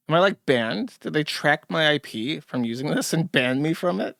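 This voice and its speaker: Male commentary host, sarcastic and mocking, gravelly fry, dry close sound. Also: on the high side, animated, normal speed, few pauses, fairly bright tone, dry recording. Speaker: commentary streamer. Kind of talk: livestream commentary.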